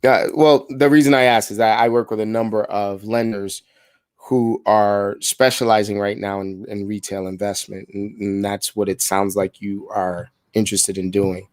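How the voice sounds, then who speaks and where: A man's voice: on the low side, level tone, moderate pace, darkish tone, dry recording. A man in a casual, upbeat style making live sales phone calls and coaching the audience between them, often repeating words as he restarts.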